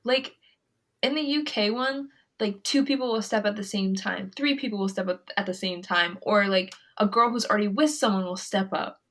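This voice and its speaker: A young woman co-hosting a podcast, talking casually with quick asides and lots of filler words. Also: medium pitch, a bit bright. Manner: chatty, giggly, quick asides, many "like" fillers. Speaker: podcast co-host. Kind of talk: casual chat.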